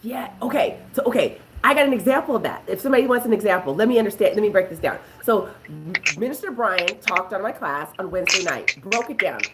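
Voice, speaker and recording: A woman's voice: mid-range voice, expressive, quick pace, a little hiss or hum, low-quality recording. A woman as a prophetess, talking emphatically about relationships and telling stories with quoted voices. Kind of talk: preaching talk show.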